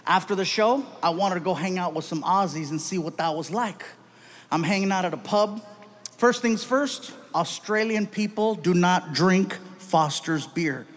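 A man performing stand-up comedy, telling a story with an animated, punchy delivery. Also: sits high, normal speed.

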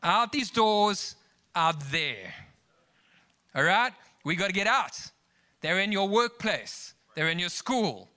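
Bright-voiced preaching man. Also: high voice, expressive, slow. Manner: emphatic preaching with rising exclamations; storytelling asides to the congregation. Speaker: pastor. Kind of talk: sermon.

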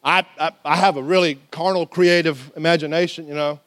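A male pastor, voice a little high, preaches in church with animated, conversational energy. Humorous storytelling gives way to sudden loud outbursts and slow, drawn-out stresses, captured with no echo.

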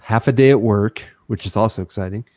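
A man co-hosting a podcast, telling a rambling, excited story in casual chat with some self-mockery. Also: on the low side, a little fast. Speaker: podcast co-host.

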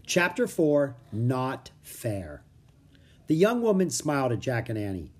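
A man reading a children's chapter book aloud, expressive storytelling. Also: mid-range voice, measured pace. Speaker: audiobook reader.

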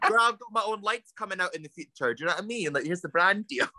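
A young Scottish man being interviewed as a drag performer, animated and quick to laugh, calling everyone "girl". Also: high voice, heavy background noise. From Scotland. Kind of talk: casual interview chat.

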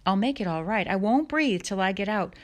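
A woman reading aloud, voicing a calm, steady pioneer father who talks in a reassuring way. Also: mid-range voice, fairly quick, close to an everyday voice. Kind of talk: audiobook reading.

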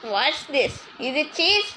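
A woman's voice: high voice, big pitch swings, takes it slowly, bright, forceful tone, a little hiss or hum, exaggerated voice, rough recording. A woman playing a bossy, scolding grandmother in an amateur comedy cooking skit.

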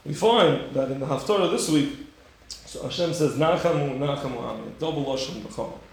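A man giving a Torah class, animated and rhetorical, acting out the story with sudden high bursts. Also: a little fast, gravelly. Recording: very echoey room.

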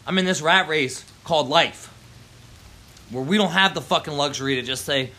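A man's voice: on the high side, normal speed, bright, forceful tone. A man, ranting heatedly and profanely on his porch, dropping "man" and "yo" throughout. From Baltimore, Maryland. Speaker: vlogger. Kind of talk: profane outdoor rant. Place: front porch outdoors in the rain.

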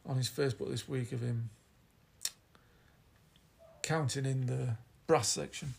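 A man's voice: medium pitch, fairly even intonation, unhurried, gravelly, a little mellow, husky. A man with a Yorkshire accent co-hosting a podcast, chatting casually in a rambling, teasing way. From Yorkshire, England. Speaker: podcast co-host. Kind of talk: casual chat.

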